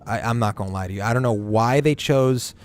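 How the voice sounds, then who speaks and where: Excitable young man rambling about games. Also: mid-range voice, brisk. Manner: excited, profane, rambling with restarts. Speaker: streamer. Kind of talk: casual gaming chat.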